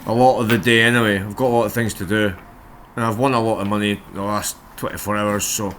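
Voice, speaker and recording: A man's voice: lowish voice, steady tone, fast, noisy background. A man chatting casually as a gaming vlogger, rambling and correcting himself as he goes. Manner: rambling, self-correcting, hesitant. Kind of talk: casual chat to camera.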